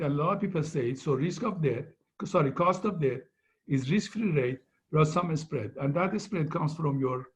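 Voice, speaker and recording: Male lecturer on muffled call audio. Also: on the high side. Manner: conversational, keeps asking "right?". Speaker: finance lecturer. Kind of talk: online lecture review.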